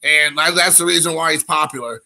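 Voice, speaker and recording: Young male streamer, gravelly and bright, loose rambling delivery. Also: fairly high pitch, fairly quick. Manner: rambling, frequent fillers, reads chat aloud. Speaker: live stream host. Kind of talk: casual live stream chat.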